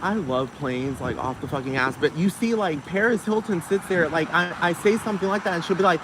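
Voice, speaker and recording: A high-voiced man rants into his podcast from somewhere outside beside a busy road. He swears freely and leans on "like" every few words. Loud traffic noise sits behind him. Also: fairly quick, few pauses. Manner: ranting, profane, filler-heavy with frequent "like". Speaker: podcast host. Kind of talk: casual rambling monologue. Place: outdoors near a road with passing traffic. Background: cars and street traffic.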